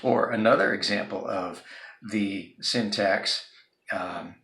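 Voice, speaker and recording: Gravelly low-voiced man lecturing. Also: slow pace, a bit bright, roomy sound. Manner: casual, joking, filler-heavy. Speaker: instructor. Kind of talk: recorded video lecture.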